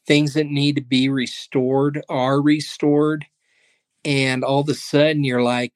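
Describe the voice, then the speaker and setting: A man's voice: mid-range voice, flat delivery, slow, no room sound. Earnest man talking faith, dry sound. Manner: earnest, faith-driven storytelling. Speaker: pastor and ministry leader, guest. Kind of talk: casual interview conversation.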